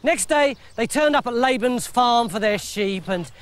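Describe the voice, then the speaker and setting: A man's voice: extremely high pitch, expressive, measured pace. A man telling a comic story in a playful, chatty way. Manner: playful and conversational. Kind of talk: comic scripted narration. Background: music.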